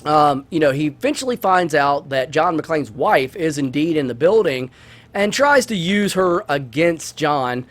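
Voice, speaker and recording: A man's voice: on the high side, animated, measured pace, a bit bright. A man hosting a let's-play, chatting casually through a movie review in a rambling way with many restarts.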